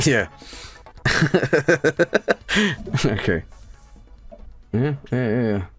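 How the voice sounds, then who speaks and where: A young man streaming live, chatting casually and profanely, rambling through anecdotes and slipping into silly high voices. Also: big pitch swings, extremely slow, a bit bright, faint music behind.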